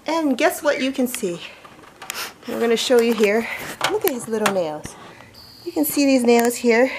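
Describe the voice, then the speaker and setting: A woman's voice: on the high side, animated, slow pace, pauses often, background noise. A woman doing a casual how-to vlog as a pet owner, chatty, coaxing and enthusiastic.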